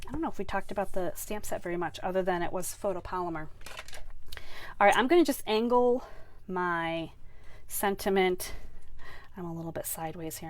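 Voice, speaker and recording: A woman chatting her way through a card-making tutorial, rambling with lots of fillers and restarts. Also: mid-range voice. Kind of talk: casual craft tutorial.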